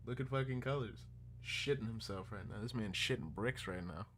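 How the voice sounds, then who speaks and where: Man, streamer, crude joking reaction chat, low voice, loud noise behind. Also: brisk. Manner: crude, joking, swears a lot. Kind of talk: casual reaction commentary.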